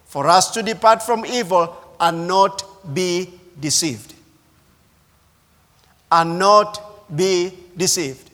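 A man preaching a sermon as pastor, slow and emphatic, repeating key phrases. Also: high voice, a bit bright. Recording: reverberant hall.

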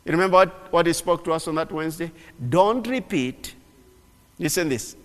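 High-voiced man preaching in a reverberant hall. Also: a little fast, vocal fry. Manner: animated, repeats phrases, stumbling restarts. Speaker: pastor. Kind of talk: sermon.

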